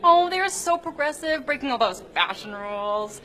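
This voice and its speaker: A woman's voice: sits high, animated, normal speed, bright, forceful tone. A woman playing a gushing, over-apologetic young ally in a comedy sketch, eager and fawning. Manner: breathless, fawning, overly eager.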